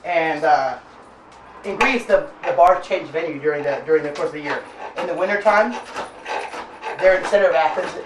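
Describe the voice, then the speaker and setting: A woman hosting her own cooking show, chatting loosely with many filler pauses as she tells a story while she cooks in her kitchen. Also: deep voice, far from the mic. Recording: roomy sound, voice off-mic, faint noise.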